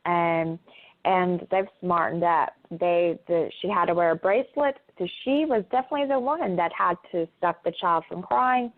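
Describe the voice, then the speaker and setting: A woman's voice: fairly low pitch, normal speed. A middle-aged woman talking as a guest in a casual interview over a phone call, speaking hesitantly with many filler sounds. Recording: tinny phone line.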